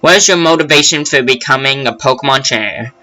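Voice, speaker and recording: A man voicing a calm male professor in a game, reading the mentor's lines in a measured, explaining way. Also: mid-range voice, low-quality recording. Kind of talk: reading game dialogue aloud.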